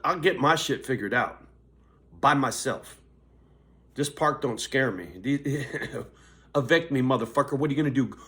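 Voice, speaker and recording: A man's voice: medium pitch, measured pace, a bit bright. An older man vlogging, cursing constantly in a riled-up, confrontational rant. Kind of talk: angry ranting vlog.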